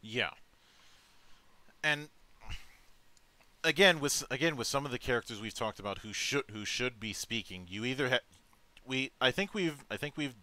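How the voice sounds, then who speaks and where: A man in casual discussion, talking haltingly and restarting often. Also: mid-range voice, expressive, bright, forceful tone, dry recording. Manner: halting, frequent restarts and fillers.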